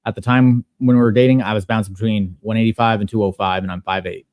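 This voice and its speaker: A man's voice: on the low side, fairly even intonation, quick pace, a little mellow, dry recording. Dry, profane male storyteller. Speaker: podcast panelist. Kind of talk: casual storytelling.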